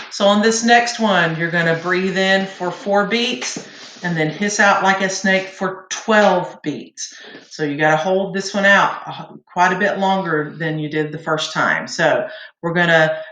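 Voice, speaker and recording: A woman teaching a vocal warm-up lesson, patiently counting beats aloud for her students. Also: fairly low pitch, a little slow. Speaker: singing teacher. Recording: echoey room.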